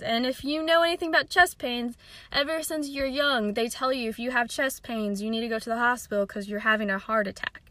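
A woman's voice: high voice, pushed and bright, no room sound. A young woman hosting a podcast, telling a personal story in a chatty, self-mocking way and laughing often. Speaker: podcast host. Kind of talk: casual storytelling.

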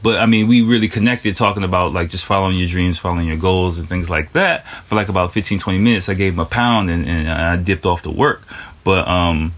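Low-voiced man in a casual podcast ramble. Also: fairly quick, fairly bright tone. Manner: loose and profane, heavy with fillers like "you know". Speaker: podcast host.

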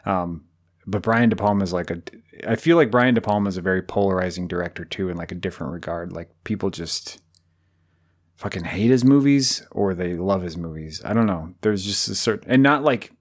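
A man's voice: low-pitched, brisk. A man co-hosting a podcast, talking casually about films in a rambling, jokey way with lots of fillers. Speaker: podcast co-host. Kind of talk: casual film discussion.

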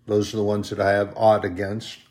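A man preaching a sermon, impassioned and emotional, swelling loud on scripture verses and then dropping to a soft, hushed tone. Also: on the low side, completely flat delivery, brisk. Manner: emotional, moved while reading.

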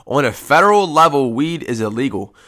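A man rambles through a casual podcast from home, swearing freely in a laid-back way. His voice is a little congested from post-nasal drip. His pitch sits in an ordinary middle range. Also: animated, brisk, bright, forceful tone. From United States. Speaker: podcast host. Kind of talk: casual solo podcast chat.

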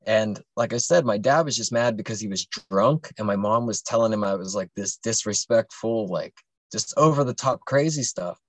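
A man's voice: lowish voice, no room sound. A young adult man casually telling a long personal story on a podcast, rambling and profane, with many fillers and restarts.

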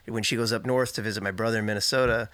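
A man from Missouri, chatting on a podcast with a bright, forward tone. The recording is close and dry, with no room sound, and he keeps chiming in with quick interjections. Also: on the low side, fairly even intonation, smooth, no echo. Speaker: podcast co-host. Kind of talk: casual chat.

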